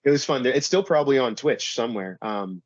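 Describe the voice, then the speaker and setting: A man in a casual interview who rambles, filling his talk with "like" and "you know". His voice sits at an ordinary middle pitch. The recording is dry and a little dull. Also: animated, a little fast, dry recording. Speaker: pro wrestler guest.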